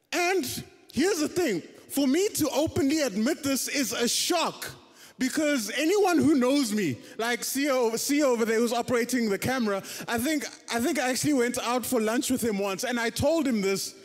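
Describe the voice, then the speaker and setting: A young man from South Africa with a very high voice, telling his own story from a church stage. He talks it through casually, with a self-deprecating streak and lifts of emphasis, and his voice rings out with long reverb in the hall. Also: moderate pace. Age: 20s. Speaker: preacher. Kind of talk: testimony sermon.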